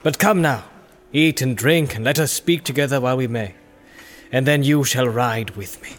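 A man voicing an aged, gracious king who speaks in formal, measured tones, in an audiobook reading. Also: mid-range voice, close to an everyday voice.

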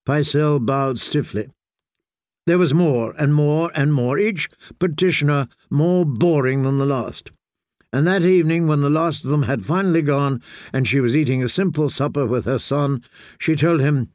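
A man reading an audiobook as narrator, in a measured, even delivery. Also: fairly high pitch, no room sound, clean studio sound. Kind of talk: scripted narration.

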